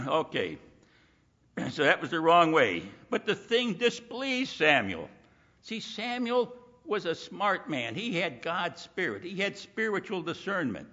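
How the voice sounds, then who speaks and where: A man preaching in a bright, forceful voice with a husky edge, folksy and animated as he acts out quoted voices. The recording is dull and lo-fi, with long reverb from a church hall. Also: high voice, unhurried. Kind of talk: sermon.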